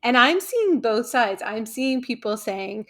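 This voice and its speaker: A woman's voice: fairly high pitch, sing-song, unhurried, fairly bright tone. A woman with a Long Island accent hosting a casual podcast chat, talking easily and laughing often. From Long Island, New York. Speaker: podcast host.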